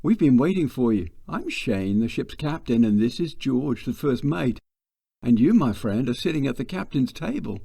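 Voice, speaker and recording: A man's voice: mid-range voice, normal speed, vocal fry, slightly rough, dry recording, full character voice. A man voicing an easygoing ship's captain. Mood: welcoming. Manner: relaxed, welcoming.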